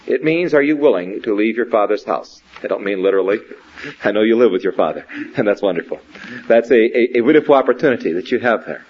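A man giving a sermon in an earnest, questioning, measured way, speaking directly to a young believer. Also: mid-range voice, slightly rough. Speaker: preacher. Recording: dull lo-fi recording.

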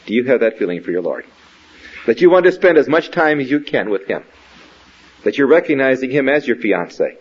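A man giving a sermon in an earnest, questioning, measured way, speaking directly to a young believer. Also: medium pitch, husky. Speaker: preacher. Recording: dull lo-fi recording.

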